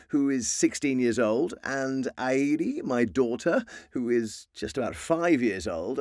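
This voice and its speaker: A man's voice: mid-range voice, dry recording, clean studio sound. A man voicing a chatty, proud middle-aged father of three in a comic improvised chat, genial and a little pompous.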